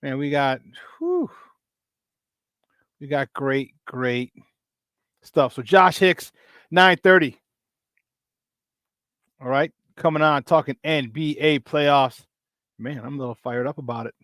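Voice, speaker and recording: A man hosting a casual morning sports talk show, hyped up and shouting out viewers by name, then dropping into low, tired muttering. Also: slow, long pauses, no room sound, studio quality. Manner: swings between loud excitement and low, tired muttering.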